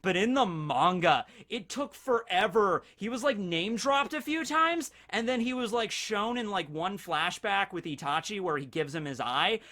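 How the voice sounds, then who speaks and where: A man hosting a casual anime discussion, excitable and rambling with many fillers. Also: sits high, normal speed, hardly any pauses. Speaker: anime channel host.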